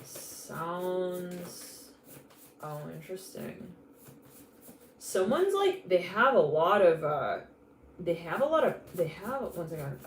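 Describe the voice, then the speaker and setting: A live intuitive tarot reader speaks in a mid-range, unhurried voice with big pitch swings. Her delivery is rambling and chatty, full of laughter, and she restarts mid-thought. The recording comes from a roomy space with faint noise.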